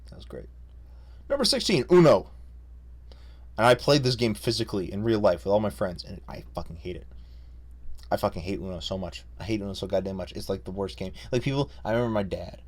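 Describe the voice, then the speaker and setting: A man's voice: lowish voice, expressive, brisk. A young man casually ranking games he played, profane, rambling and jokey, unscripted. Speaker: video creator. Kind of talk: unscripted casual game rundown.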